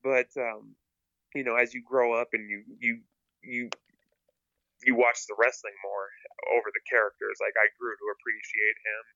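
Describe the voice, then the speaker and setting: A man's voice: mid-range voice, flat delivery, moderate pace, gravelly, sharp tone, dry recording, lo-fi sound. A man chatting casually as a podcast guest, hesitant and often repeating his words with many fillers. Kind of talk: casual chat.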